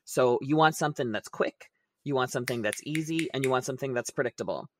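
Young male podcast co-host, mid-pitched voice, swears freely and tells stories with animated energy. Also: fast, a little hiss or hum. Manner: animated, profane storytelling with bursts of laughter. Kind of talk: casual chat.

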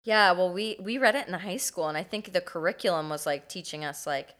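A woman's voice: lowish voice, brisk, fairly bright tone. A woman co-hosting a podcast, casually presenting her research in a chatty way. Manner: chatty, lots of fillers. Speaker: podcast co-host.

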